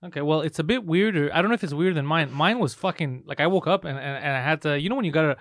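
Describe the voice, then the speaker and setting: A man's voice: on the high side, very fast, fairly bright tone, no echo, studio quality. A man co-hosting a podcast, telling a story in brash, profane casual chat. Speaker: podcast co-host.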